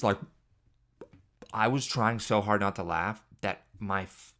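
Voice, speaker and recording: A man's voice: lowish voice, takes it slowly, vocal fry, a bit bright. A man hosting a podcast, telling rambling, joking stories about parenting. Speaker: podcast host. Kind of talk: casual comedic monologue.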